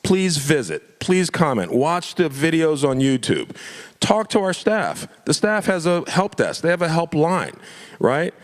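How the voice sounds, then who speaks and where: A man's voice: a little high, big pitch swings, a little slow, big-room sound. A man from Florida, an elected official, making impassioned public remarks at a club meeting, emphatic and prone to repeating himself.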